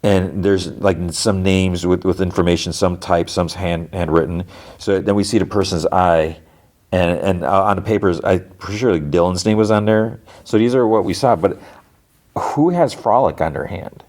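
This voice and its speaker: A man's voice: low voice, moderate pace, a little mellow. A man hosting a podcast, casually recapping a TV episode, rambling with lots of "like" and retelling the dialogue scene by scene. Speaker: podcast host.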